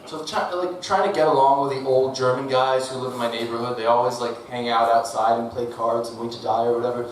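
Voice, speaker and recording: Doing a stand-up set on a comedy club stage, this man has a mid-range voice and talks fast, staying deadpan apart from laughing asides. The recording comes from a far-off mic in an echoey club, with noise audible.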